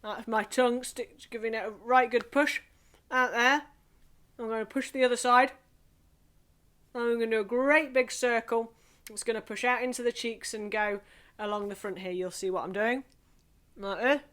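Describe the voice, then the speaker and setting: A Scottish woman leading an online singing group through vocal and face warm-ups, cheerful and chatty, laughing at herself. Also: fairly high pitch, fairly even intonation, moderate pace, pauses often.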